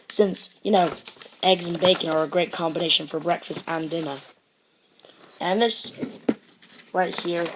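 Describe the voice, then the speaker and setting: A woman's voice: fairly low pitch, slight background noise. A woman giving a casual online movie review, earnest and impassioned, who rambles and restarts her sentences often.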